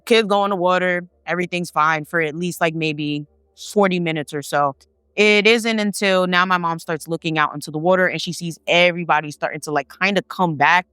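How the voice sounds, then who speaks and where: A woman telling a family story in casual talk, swearing and acting out her relatives' lines with animated energy. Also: lowish voice, fairly quick, clear, resonant tone, dry recording, studio quality. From Haitian family.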